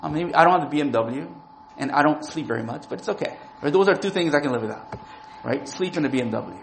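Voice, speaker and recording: In a rough recording with a bit of hiss or hum, a man in his forties who is both a preacher and a lawyer delivers a sermon in a casual, talky style. His gravelly, slightly high voice moves fast with lively intonation, and he keeps asking listeners "right?"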